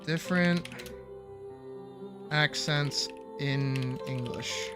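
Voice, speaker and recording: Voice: mid-range voice, very slow, music in the background. A streamer chatting casually while reacting to videos, musing aloud and trailing off mid-thought.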